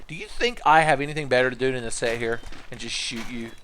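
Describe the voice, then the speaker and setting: A man streaming a video game, joking, swearing and shouting out bursts of excitement as he plays. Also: medium pitch, fast, slight background noise. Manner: joking, profane, excitable outbursts. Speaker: livestreamer playing a video game. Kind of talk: casual gameplay commentary.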